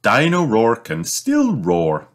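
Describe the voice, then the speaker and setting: A man's voice: on the low side, wildly swooping pitch, a little slow, heavily acted. A man doing a kind, upbeat mother pig. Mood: gentle. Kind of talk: children's storybook read aloud.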